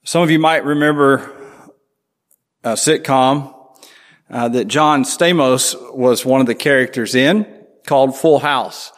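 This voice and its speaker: A man preaching a sermon to his congregation in a conversational way, asking them questions as he goes. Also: medium pitch. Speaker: pastor. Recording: long hall reverb.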